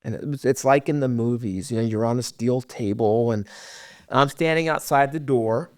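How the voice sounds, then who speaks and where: A middle-aged man telling his own story as a podcast guest, earnest and halting, often dropping to a hush. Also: mid-range voice, no room sound, clean studio sound. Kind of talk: personal storytelling.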